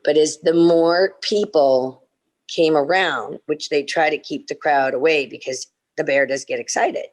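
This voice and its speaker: A middle-aged woman on a video-call fan panel, telling lively stories and acting out the people in them. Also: unhurried. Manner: animated, acts out quotes with big leaps in pitch. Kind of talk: casual anecdote telling.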